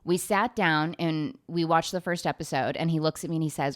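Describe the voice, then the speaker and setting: A young woman with a slightly low voice hosts her own talk show. She rambles through a comedic recap, sarcastic and quick to swear, often breaking into laughter. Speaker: podcast host.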